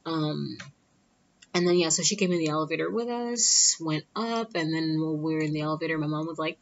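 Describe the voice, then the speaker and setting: Young woman, casual storyteller, chatty, lowish voice, muffled lo-fi audio. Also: fairly quick, a little hiss or hum. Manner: chatty, acts out quoted voices higher. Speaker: vlogger telling a birth story. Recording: dull lo-fi sound.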